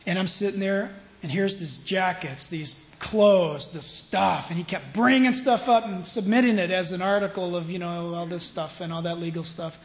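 Storytelling preacher man with a high voice. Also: moderate pace, hardly any pauses, poor audio. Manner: storytelling, swings from hushed to loud and emphatic. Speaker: pastor. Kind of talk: sermon.

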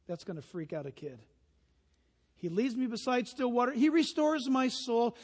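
A man preaching a sermon as pastor, telling stories with lively imitations of honking geese. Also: sits high, moderate pace, in a large hall.

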